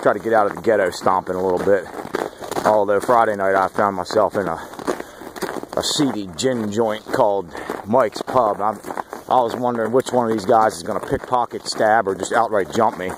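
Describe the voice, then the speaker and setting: A man's voice: fairly low pitch, moderate pace. A man in his late forties giving a casual vlog update on a morning hike, blunt, sarcastic and opinionated. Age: late 40s. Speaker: campaign volunteer vlogger. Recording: outdoor noise with passing traffic.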